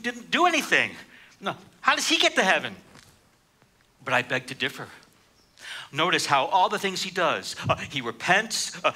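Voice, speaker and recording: A man's voice: high-pitched, sharp tone. A man preaching a sermon in a church, reading scripture aloud and building to emphatic points.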